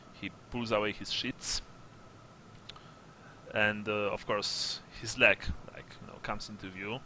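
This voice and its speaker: A man narrating a tabletop game as game master, halting and full of fillers. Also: fairly low pitch, fairly even intonation, bright, forceful tone, a little hiss or hum. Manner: halting, fills with uh and all right, slips into a gruff sergeant voice.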